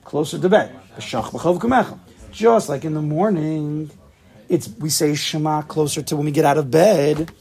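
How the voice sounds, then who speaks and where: A man's voice: fairly high pitch, moderate pace, gravelly, a little mellow, breathy edge. A man leading a casual Talmud study class, thinking aloud and checking in with his students. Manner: thinks aloud, asks the class questions, laughs at himself.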